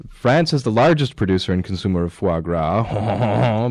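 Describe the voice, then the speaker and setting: A man's voice: lowish voice, normal speed, hardly any pauses, a little mellow, no echo. A man co-hosting a radio show, joking and laughing as he reads out news stories. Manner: jokey, laughs often, reads news items aloud. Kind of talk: casual radio banter.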